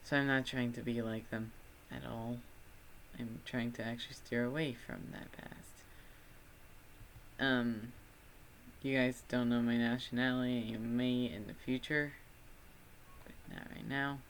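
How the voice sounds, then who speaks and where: Slow, rambling Texan guy livestreaming. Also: mid-range voice, flat delivery, gravelly, a bit bright, slight background noise. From Texas, USA. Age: student. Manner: rambling, self-deprecating. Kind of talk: casual livestream chat.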